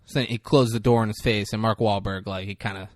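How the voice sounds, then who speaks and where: Fairly low-pitched and fast-talking, this man co-hosts a podcast, casually recapping a movie scene by scene. He acts out the lines with animation and laughs often, recorded in clean studio quality with no echo.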